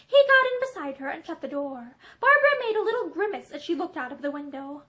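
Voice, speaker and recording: A young woman reading a novel aloud, with expressive, animated storytelling. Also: extremely high pitch, a little fast, hardly any pauses, rough recording. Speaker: reader. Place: indoor room with bookshelves.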